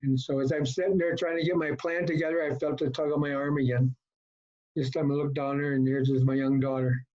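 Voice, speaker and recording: A middle-aged man from Colorado telling his personal recovery story at a meeting, folksy and halting, with many fillers. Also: mid-range voice, little pitch movement, darkish tone. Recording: dull lo-fi talk recording.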